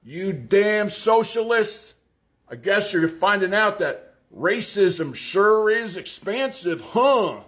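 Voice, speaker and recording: A man's voice: sits high, expressive, slow pace, fairly bright tone. A man giving crude, sarcastic political commentary, mocking and profane. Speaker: online commentator.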